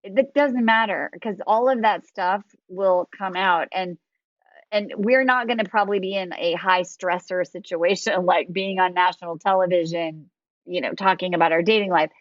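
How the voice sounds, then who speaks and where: A woman's voice: on the low side, normal speed, dry recording, lo-fi sound. A woman hosting a podcast, chatting casually and animatedly about dating with lots of fillers. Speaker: dating coach and podcast host.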